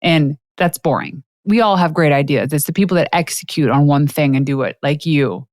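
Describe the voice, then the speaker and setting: A woman with a fairly low voice hosts a podcast conversation. She tells personal stories in a lively, animated way and laughs often. Her voice sounds dry and close to the mic. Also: normal speed, no echo. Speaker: podcast host. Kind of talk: casual interview chat.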